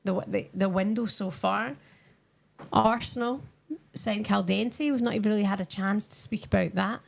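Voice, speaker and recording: A woman's voice: medium pitch, steady tone, moderate pace, creaky. A young woman chatting casually with her viewers on a live stream while she watches a football match and answers their comments.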